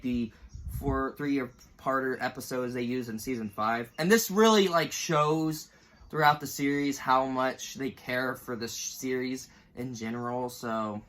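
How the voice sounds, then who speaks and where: A YouTuber in his twenties ranks cartoon moments in a casual vlog, his voice mid-range and a bit bright. He rambles emotionally through the list and now and then has to fight back tears.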